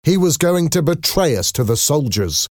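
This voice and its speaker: A man's voice: a little high, very animated, moderate pace, no room sound, clean studio sound, voice pushed up. A man voicing an eager young rebel. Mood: accusing.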